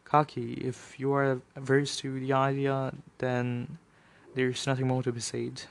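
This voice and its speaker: A man's voice: mid-range voice, completely flat delivery, unhurried, creaky. A man reading a novel aloud, voicing a dutiful young man who speaks politely and accommodatingly. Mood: obliging.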